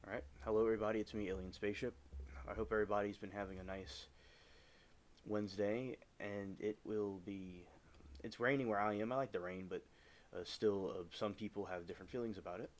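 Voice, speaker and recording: A man chatting casually on a gaming livestream from home, rambling with halting restarts as he talks over his game. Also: on the low side, fairly even intonation. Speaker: live streamer.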